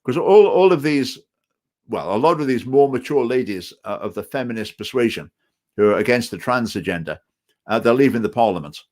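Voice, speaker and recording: Stoke-on-Trent man, party chairman, chats casually through viewer comments; halting, repeats words, opinionated. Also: medium pitch, expressive, a little mellow. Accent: Stoke-on-Trent English with some Scottish phrases. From England. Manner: hesitant, repeats words, digressive opinionated talk. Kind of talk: casual live-stream chat reading out comments.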